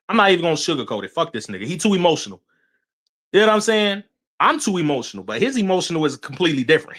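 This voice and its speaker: Man, young adult, livestream rant, bright, dry close mic. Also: a little high, no room sound. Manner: animated, laughing, swearing, repeats himself. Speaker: livestream host.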